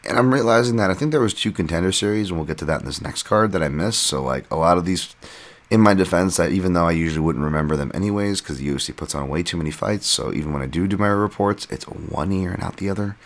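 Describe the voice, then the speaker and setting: This man's voice is low and his pace is quick. As the host of a podcast, he breaks down fights in a loose, meandering way, cracking self-deprecating jokes and leaning heavily on fillers like a fight analyst just chatting.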